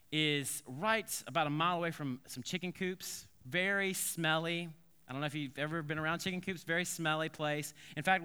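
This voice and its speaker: A man preaching from the pulpit with a crisp, bright voice that sits a bit high. He tells stories in an animated, conversational way, full of asides and restarts. The sound rings with the long reverb of a church hall. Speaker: pastor. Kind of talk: storytelling sermon.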